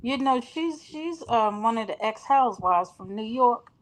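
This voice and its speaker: A woman's voice: fairly high pitch, animated, measured pace, low-quality recording. A middle-aged woman, a caller on a live chat, talking things through in a polite, chatty way. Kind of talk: casual chat.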